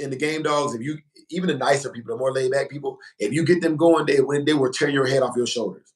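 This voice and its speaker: Heard through poor audio, a mid-range male voice hosts a laid-back livestream. His delivery is emphatic and slangy, with phrases repeated for emphasis.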